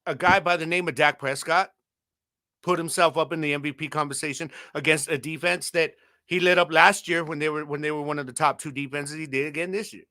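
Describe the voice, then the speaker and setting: A man's voice: fairly high pitch, steady tone, fairly quick, pushed and bright, no echo, clean studio sound. A man co-hosting a casual sports podcast, teasing rival fans and laughing often. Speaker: podcast co-host.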